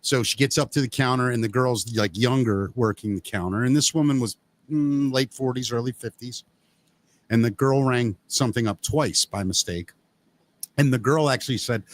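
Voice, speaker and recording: A man's voice: medium pitch, normal speed. A man chatting on a podcast, spinning an everyday anecdote. His voice sits in the middle range for a man. He slips into the voices of the people he quotes. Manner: animated storyteller acting out quoted voices. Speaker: podcast co-host. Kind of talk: casual chat.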